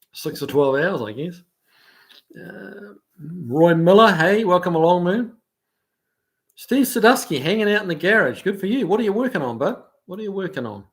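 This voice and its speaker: A New Zealand man hosting a casual livestream, easygoing and chatty, often laughing and pausing on fillers as he reads out viewer comments. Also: fairly high pitch. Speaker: livestream host. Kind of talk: casual live chat, reading out viewer comments.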